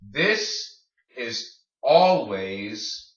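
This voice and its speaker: A man's voice: mid-range voice, sing-song, roomy sound. Male language teacher, patient drilling delivery, distant dull lo-fi room recording. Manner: drills words slowly, asks "okay?" often. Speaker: Spanish teacher. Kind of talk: video lesson.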